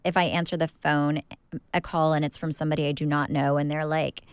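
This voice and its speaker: A woman's voice: low-pitched, level tone, a little fast, clean tone, dry recording, studio quality. A woman co-hosting a podcast, telling a story in a rambling, casual way full of fillers and restarts. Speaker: podcast co-host.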